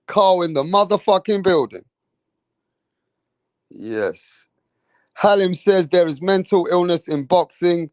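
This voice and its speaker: A man's fairly high voice, loose and profane, hyping up his chat on a boxing livestream. The sound is dry and close, with little room in it. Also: no echo. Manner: loose, profane, hypes up chat with shout-outs. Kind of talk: casual livestream chat reading comments.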